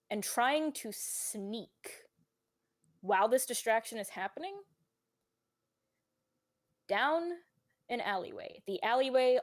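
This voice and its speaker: A woman's voice: mid-range voice, no echo. Picture a woman running a tabletop game with a laid-back, chatty delivery, full of "like" and "you know" and the odd curse. Her voice sits in an ordinary middle register. The sound is close and dry, with no room around it. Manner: casual and swearing, with lots of fillers. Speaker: game master.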